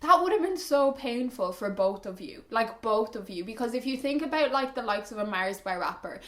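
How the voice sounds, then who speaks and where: A young woman from Ireland chatting as a vlogger, reading out viewer confessions and reacting with sassy, animated disbelief, with lots of "like". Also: fairly high pitch, normal speed. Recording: echoey room.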